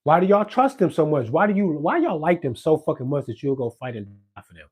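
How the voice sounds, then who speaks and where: A man, delivering a profane, confrontational monologue rant that swings between low muttering and loud outbursts. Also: sing-song, fairly quick, breathy edge. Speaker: podcast host ranting on politics.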